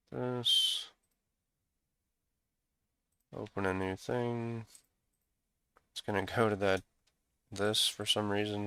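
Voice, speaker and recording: A man with a deep, gravelly voice thinks aloud as he works through his code in a casual walkthrough. His tone is bright and smooth despite the gravel. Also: dry recording. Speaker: programmer screencasting code.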